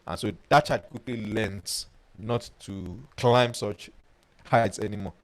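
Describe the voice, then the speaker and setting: A man, a life coach teaching a webinar and telling personal stories in an animated way. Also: lowish voice, takes it slowly, low-quality recording. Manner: animated storyteller who reads out viewer comments.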